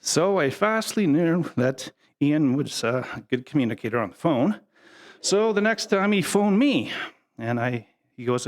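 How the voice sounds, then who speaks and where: A middle-aged man at a memorial, speaking at a medium pitch. He tells folksy, humorous stories in an easygoing, unpolished way, full of small pauses. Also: big pitch swings. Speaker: family member giving a eulogy. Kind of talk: anecdotal memorial speech.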